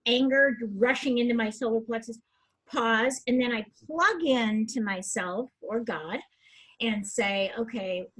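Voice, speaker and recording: A woman's voice: fairly high pitch, a bit bright, poor audio. An older woman hosting an interview, a lawyer and mediator who frames her questions with her own experience.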